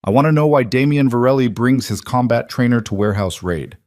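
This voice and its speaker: A man's voice: medium pitch, a little fast, a little mellow, dry recording, studio quality, voice pushed up, natural voice. A man voicing a cold, menacing Russian crime boss in an audio story, with clipped, broken-English threats.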